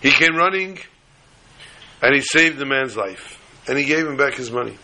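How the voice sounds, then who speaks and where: A man who teaches religion, telling a story in a sermon in an animated way. He scatters Hebrew and Yiddish terms through it. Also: medium pitch, moderate pace, a little hiss or hum, rough recording.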